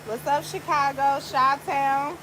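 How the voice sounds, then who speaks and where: A woman's voice: high-pitched, fairly even intonation, slow pace. A woman barber chatting playfully with viewers and her dog while cutting hair, talking into a phone outdoors. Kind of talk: casual live-stream chat while cutting hair. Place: outdoor deck, windy. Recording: outdoor wind and ambient noise.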